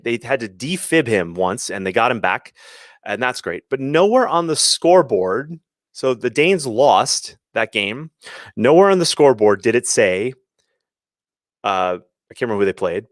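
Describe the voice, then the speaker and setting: A man's voice: medium pitch, expressive, moderate pace, no echo, clean studio sound. A man hosting a live sports show, talking casually and rambling, often restarting and acting out quotes. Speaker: host of a sports parenting show. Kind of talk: casual live-stream talk.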